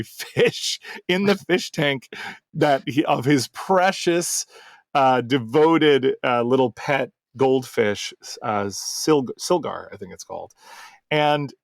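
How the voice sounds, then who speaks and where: Gravelly man telling a game story. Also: mid-range voice, no echo, clean studio sound. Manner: rambling, full of fillers and restarts. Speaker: game master and podcast host. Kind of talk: casual podcast storytelling.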